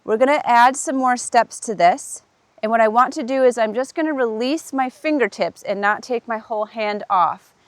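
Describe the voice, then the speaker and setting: Woman, horse trainer, fairly high voice, calm explanatory instruction, dry close sound. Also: normal speed, dry recording. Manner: calm and explanatory, with warm bursts of praise. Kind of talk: step-by-step instruction.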